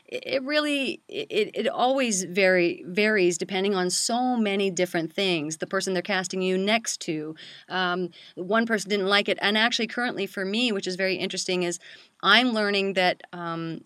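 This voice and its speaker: A middle-aged woman hosting a casual chat about voice-over work, animated and quick to laugh. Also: mid-range voice, no room sound. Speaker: voice-over coach and host.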